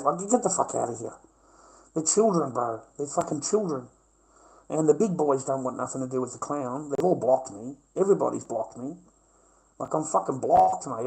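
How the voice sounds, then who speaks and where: Gravelly and a little high, the voice belongs to a middle-aged man with an Australian accent delivering a profane, combative livestream rant. The swearing never lets up, and the audio quality is poor.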